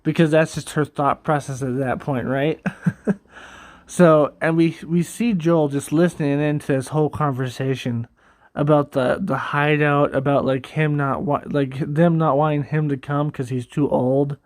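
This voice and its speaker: A man's voice: a little high, fairly even intonation, unhurried, no room sound, clean studio sound. A man casually rambling about a game story, cursing and laughing often as he goes. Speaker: gaming video creator.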